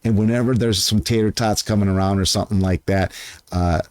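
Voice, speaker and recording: Earnest rambling man, low voice. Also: steady tone, brisk, darkish tone, smooth, dry recording. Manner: earnest, rambling, loses his train of thought. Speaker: vlogger. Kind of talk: casual chat to camera. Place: outdoors.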